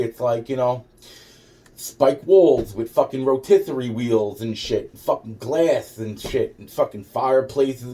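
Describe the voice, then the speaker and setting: A man's voice: mid-range voice, a little slow, dark tone, recorded from a distance. A man telling a rambling, profane personal story with sarcastic asides.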